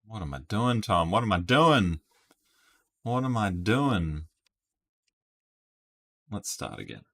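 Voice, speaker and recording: A man's voice: on the low side, very animated, slow, a bit bright. A man streaming word games, chatting casually and thinking aloud while laughing at himself. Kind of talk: casual live-stream commentary.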